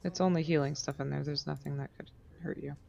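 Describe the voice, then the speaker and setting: A woman's voice: low voice, fairly even intonation, quick pace, gravelly, warm tone. A woman playing a tabletop game who speaks plainly and reasonably. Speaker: player. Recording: dull lo-fi mic.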